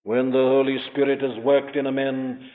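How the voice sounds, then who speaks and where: Impassioned preacher on a tinny tape. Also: male voice, mid-range voice, monotone, normal speed. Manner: earnest, emphatic, rising to impassioned peaks; addresses listener directly. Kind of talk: sermon.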